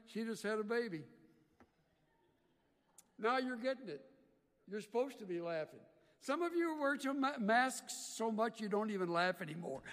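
A man preaching a sermon, swinging from loud emphatic bursts to quiet earnest asides. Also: high voice, animated, normal speed, long pauses, in a large hall. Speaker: pastor.

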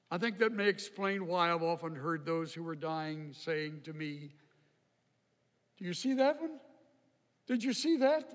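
An older man preaching a sermon in a slow, reflective way, with emphatic rises. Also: high voice. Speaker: pastor. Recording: hall reverb.

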